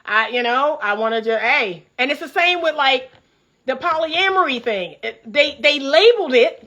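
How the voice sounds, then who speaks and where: High bright fired-up woman. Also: lively intonation, moderate pace. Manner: fired-up, preachy, laughs often, talks straight to viewers. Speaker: relationship coach. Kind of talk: casual commentary vlog. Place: upstairs room by a window at home.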